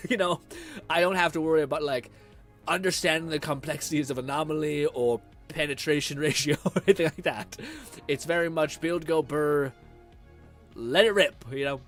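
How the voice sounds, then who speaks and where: Young male streamer, animated, rambling chat, a little high, music bed underneath. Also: normal speed. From Canada. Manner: rambling, laughing, swearing, animated. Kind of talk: casual chat reading viewer comments.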